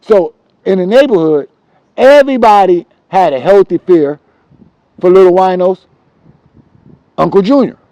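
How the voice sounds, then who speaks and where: A man telling street stories from his childhood in a casual, profane, animated way, repeating himself for emphasis. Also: high-pitched, unhurried, pauses often, no echo, lo-fi sound. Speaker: storyteller.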